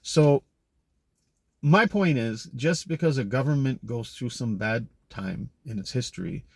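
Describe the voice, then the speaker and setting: A man's voice: medium pitch, animated, a little slow, creaky, breathy edge, no room sound. A man talking in a casual monologue, rambling and opinionated, often correcting himself mid-sentence. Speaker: commentator.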